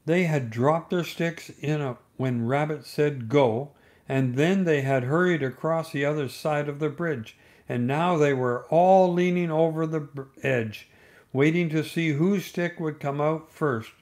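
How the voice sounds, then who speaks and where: Slow, gentle male bedtime storyteller. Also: fairly high pitch.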